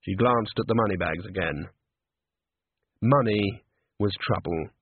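A man reading a novel aloud in measured, suspenseful narration. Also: on the low side, breathy edge. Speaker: audiobook narrator. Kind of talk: scripted narration. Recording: dry, tinny phone-like audio.

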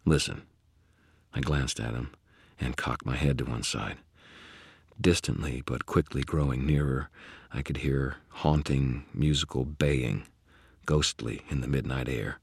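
A man narrating a first-person audiobook in a measured, dramatic storytelling manner. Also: very deep voice, husky, no echo.

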